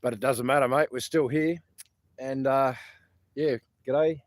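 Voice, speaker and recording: A man's voice: medium pitch, steady tone, measured pace, no room sound. A man with an Australian accent hosting a casual outdoor livestream, rambling and swearing freely between laughs. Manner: rambling, profane, chatty, laughs often. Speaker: protest livestream host. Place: outdoors at a protest site.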